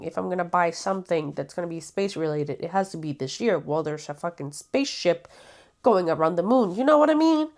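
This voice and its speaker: Casual book vlogger: woman, playful, chatty, swears offhand, talks to camera. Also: mid-range voice.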